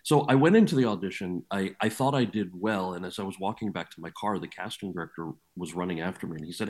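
A man with a slightly low voice speaks as an interview guest. He is an actor and author, and he tells his anecdotes in a candid, earnest and lively way. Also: fast, hardly any pauses. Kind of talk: storytelling interview.

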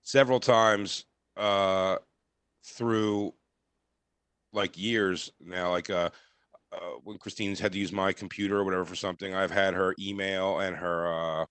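A man's voice: low voice, little pitch movement, a little slow, a bit bright, smooth, no echo. A man co-hosting a podcast in casual chat, rambling and hesitant with lots of fillers. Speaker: podcast co-host.

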